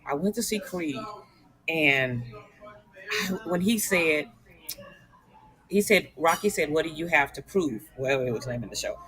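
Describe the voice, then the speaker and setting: A woman's voice: sits low, fairly bright tone, poor audio. A woman co-hosting a casual filmmaker panel, telling a story in an earnest, heartfelt way. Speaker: podcast co-host.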